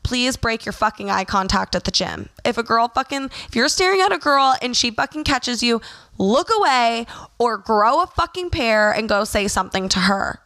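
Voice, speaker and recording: A young woman vlogger rants casually to camera in a voice on the high side at a moderate pace. She's blunt and profane, filling her lively storytelling with plenty of fillers.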